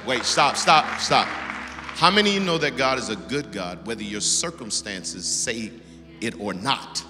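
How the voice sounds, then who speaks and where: A middle-aged male pastor preaching a sermon, swinging between loud, animated exhortation and hushed storytelling. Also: lowish voice, a little slow, soft background music, some chatter behind. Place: church auditorium. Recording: long reverb of a large hall.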